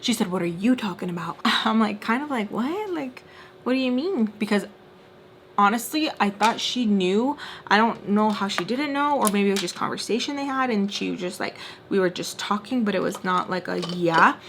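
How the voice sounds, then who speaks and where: A woman's voice: medium pitch, moderate pace, a bit bright, slight background noise. A young woman in her twenties telling a story to the camera while doing her makeup, chatty and exasperated as she retells quoted back-and-forth. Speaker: storytime vlogger.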